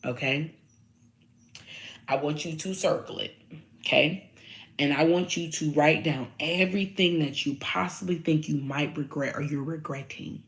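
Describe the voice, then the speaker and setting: A woman giving a casual tarot and astrology reading to her viewers, talking in an animated way, swearing freely and repeating phrases for emphasis. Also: low voice.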